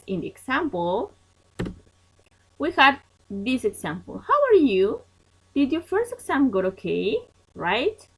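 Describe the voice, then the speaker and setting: A woman, a Spanish speaker, leads an online English lesson at a deliberately slow pace. Her voice sits fairly high, and she keeps checking in with "okay?" and "yes?" as she walks through each point. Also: low-quality recording. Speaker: English teacher. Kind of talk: online class lecture.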